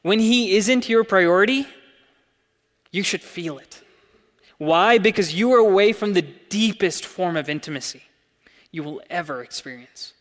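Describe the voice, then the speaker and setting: A young man preaching a sermon in a church, earnest, swelling to emphatic peaks and dropping soft. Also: high voice, expressive, a little slow. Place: church hall. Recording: long hall reverb.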